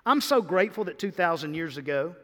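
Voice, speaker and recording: High-voiced man preaching in a reverberant hall. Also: fairly quick. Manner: energetic preaching, rising to emphatic peaks and dropping to quiet asides. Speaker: pastor. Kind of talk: sermon.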